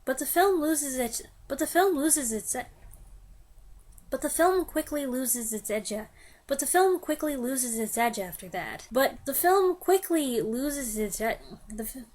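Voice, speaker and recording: A young woman's blooper reel of film review takes: she trips over lines, starts again, and laughs at herself. Her voice sits high and is a little mellow.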